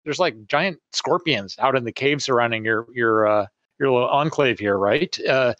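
A man's voice: medium pitch, normal speed, fairly bright tone, dry recording, highs cut off. A man playing in a tabletop game, rambling and filling his speech with ums and uhs. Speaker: player. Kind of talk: casual tabletop game play.

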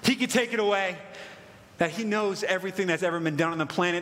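Pastor, male, high bright tone, dramatic emphatic preaching, long church reverb. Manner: impassioned, dramatic preaching with slow emphatic scripture reading. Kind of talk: sermon.

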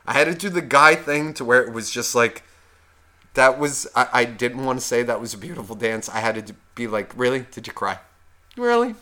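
A man co-hosting a podcast, telling a wedding story in a profane, animated way with loud outbursts. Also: medium pitch, fairly quick. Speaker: podcast co-host. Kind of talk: casual chat.

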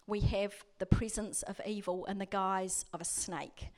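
A woman's voice: medium pitch, steady tone, measured pace, hardly any pauses, a little mellow. Earnest New woman preaching. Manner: conversational, storytelling, earnest. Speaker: prison chaplain preaching. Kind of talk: sermon with scripture reading.

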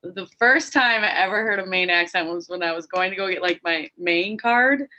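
Casting: young woman from Minnesota, bright voice, chatty guest who laughs often. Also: lowish voice, moderate pace, dull audio. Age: young adult. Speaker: guest hockey player. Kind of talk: casual podcast interview.

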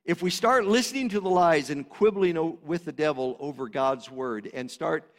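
High-voiced preaching man in a reverberant hall. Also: normal speed. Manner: passionate, swings between loud emphatic preaching and quieter explaining. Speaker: pastor. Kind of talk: sermon.

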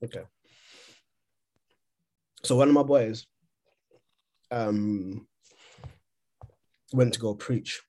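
A man co-hosting a podcast over a remote call, talking casually and haltingly, often repeating words as he thinks. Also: medium pitch, mellow. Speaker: podcast co-host. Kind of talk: casual discussion.

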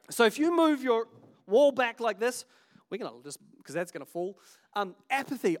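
Lively joking male pastor with a New Zealand accent. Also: high-pitched. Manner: lively, conversational preaching with jokes and asides. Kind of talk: sermon.

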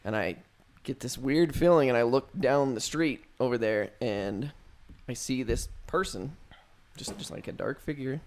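A man's voice: medium pitch, expressive, a little slow, few pauses, a little mellow. A young man telling a spooky story to friends in a loose, profane, casual way, full of fillers. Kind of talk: casual chat.

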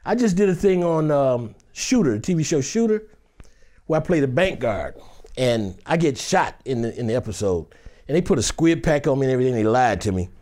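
A man's voice: medium pitch, fairly quick. A male actor from Detroit telling a dramatic personal story in a chat and acting out every voice. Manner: animated, acts out every voice in the story.

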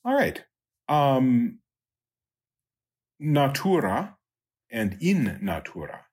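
A man teaching a Latin lesson, working through numbered exercises in a halting way with many ums and uhs. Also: medium pitch, very animated, a little mellow, husky. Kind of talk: recorded lecture walking through exercises.

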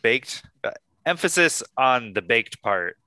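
A man's voice: lowish voice, moderate pace, sharp tone, clean tone, dry recording. A man hosting a casual podcast chat, rambling and swearing freely as he talks. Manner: chatty, profane, rambling asides. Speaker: podcast host.

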